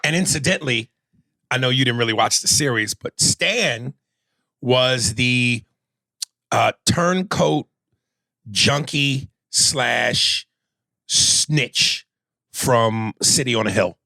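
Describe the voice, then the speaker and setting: A man's voice: medium pitch, slow, long pauses, pushed and bright, dry recording. Male podcast co-host, casual recap talk, mid-range voice, dry close sound. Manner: conversational, recaps scenes at length. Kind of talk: casual chat.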